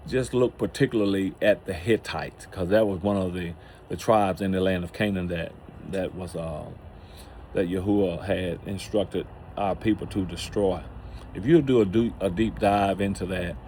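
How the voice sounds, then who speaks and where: A man hosting his own channel, talking through a religious teaching in a casual, halting way with many restarts. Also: sits low, a little mellow, a little hiss or hum. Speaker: channel host.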